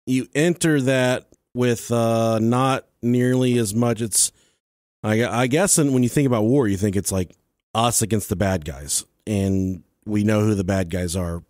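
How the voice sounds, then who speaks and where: Curious, swearing podcast host. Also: male voice, medium pitch, a little mellow, dry recording, studio quality. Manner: curious, swearing, quick questions. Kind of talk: casual interview chat.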